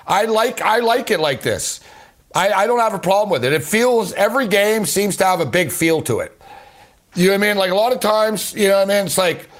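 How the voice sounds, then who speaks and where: A man's voice: high-pitched, animated, fairly quick. A man hosting a sports betting show, talking casually and rambling with lots of repeated words and fillers. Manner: rambling, repeats words, says "you know" a lot.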